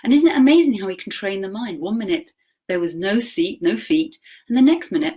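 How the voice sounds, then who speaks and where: A woman teaching mindfulness to teachers. She asks the group questions, checks in with "okay?", and slows to a gentle pace when she guides a practice. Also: mid-range voice, animated, breathy edge.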